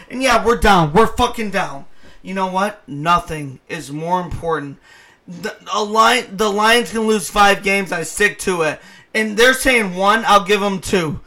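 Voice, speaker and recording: Passionate man ranting at high pitch. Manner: passionate, profane, shouting rants. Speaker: podcast co-host. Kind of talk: heated sports podcast debate.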